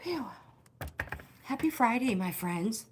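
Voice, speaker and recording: Slow-talking middle-aged woman coaching a workout. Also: on the high side, animated, noisy background. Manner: chatty and encouraging, calls out viewer names. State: slightly out of breath. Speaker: fitness livestream host. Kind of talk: live walking workout coaching. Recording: roomy indoor echo.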